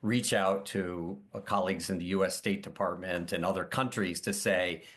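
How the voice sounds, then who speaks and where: An older man speaking as a panelist on a video call, measured and explanatory, with frequent fillers. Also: low voice, fairly even intonation, a bit bright. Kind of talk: explanatory webinar talk.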